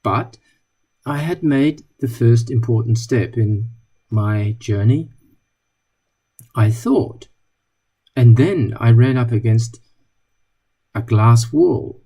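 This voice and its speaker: A man speaks to an audience in a relaxed, mellow tone with a touch of huskiness. He tells wry anecdotes and acts out short exchanges between people as he goes. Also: medium pitch, takes it slowly, long pauses, husky. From not British. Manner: wry, anecdotal, plays out little dialogues. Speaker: speaker giving a talk. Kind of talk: storytelling talk to an audience.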